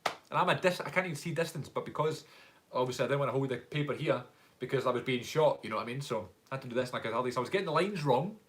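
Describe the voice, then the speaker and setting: This young Glaswegian man from Scotland, a YouTuber and actor, chats casually during a live stream Q&A, rambling through stories and laughing often. His medium-pitched voice is expressive, rapid-fire, and a bit bright, with slight background noise.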